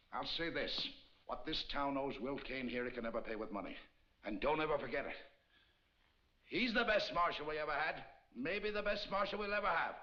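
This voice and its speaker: A man's voice: a little high, bright, forceful tone. An actor playing a middle-aged man who chairs a town meeting and talks earnestly to win the room over, in a dull old film soundtrack. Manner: earnest, persuasive speechmaking. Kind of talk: 1950s film acting.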